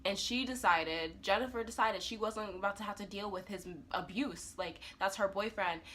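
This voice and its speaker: A woman reviewing a TV episode in a casual, animated retelling that acts out the characters' lines. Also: mid-range voice, normal speed, a little hiss or hum. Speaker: TV review vlogger.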